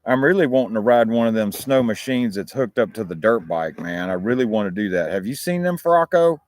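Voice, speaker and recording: A man's voice: fairly low pitch, expressive, brisk, darkish tone, no echo. A man with an American accent, hosting a talk show and chatting casually to his viewers in a rambling, profane way. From United States.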